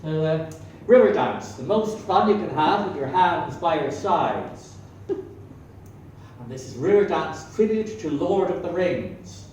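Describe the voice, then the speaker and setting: Irish guy in his sixties doing stand-up, rambly, lots of ums, higher voice, echoey, mic far off. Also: animated, slow pace, a little mellow. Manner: rambling, self-mocking, many fillers. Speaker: comedian. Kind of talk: stand-up comedy. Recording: echoey room, distant mic, faint hum.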